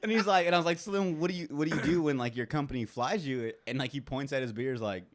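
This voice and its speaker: एक युवा पुरुष होस्ट, अनौपचारिक बातचीत में किस्से सुनाता और बातें दोहराकर अभिनय करता हुआ।. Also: male voice, medium pitch, fast talker. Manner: animated storytelling, acts out quotes. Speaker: podcast host. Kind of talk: casual chat.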